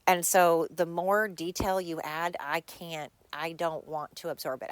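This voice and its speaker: Woman, solo podcast host, blunt and candid, rambling, slightly low voice, dead dry room. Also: dry recording. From United States. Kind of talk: casual solo podcast monologue.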